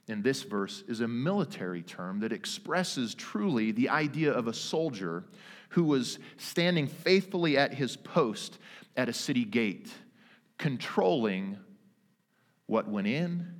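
A man in his thirties preaching a sermon, earnest and emphatic, with dramatic pauses. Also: medium pitch. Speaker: pastor. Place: church sanctuary. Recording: long reverb of a church hall.

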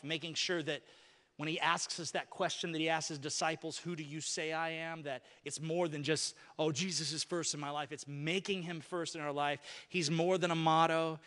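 A man's voice: fairly high pitch, fairly bright tone, long reverb tail. A male pastor preaching a sermon in a church, conversational and engaging his congregation. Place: church sanctuary.

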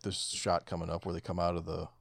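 A man's voice: low-pitched, completely flat delivery, quick pace, gravelly, dry recording, clean studio sound. A man co-hosting a casual movie commentary, talking in a laid-back, profane way and often trailing off mid-thought. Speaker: podcast co-host.

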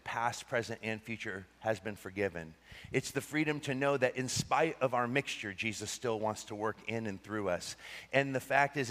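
Male pastor, mid-pitched, animated sermon delivery with quiet intimate drops, long hall reverb. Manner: animated preaching, swinging between excited and hushed.

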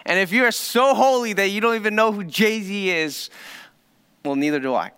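A pastor preaching a sermon, telling a story with dramatic pauses and swings from hushed to loud. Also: male voice, high voice, clean tone.

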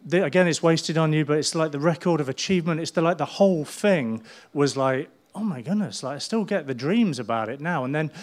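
A man's voice: fairly high pitch, brisk, hardly any pauses. Man, middle-aged, pastor, chatty humorous sermon. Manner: chatty storytelling with humour.

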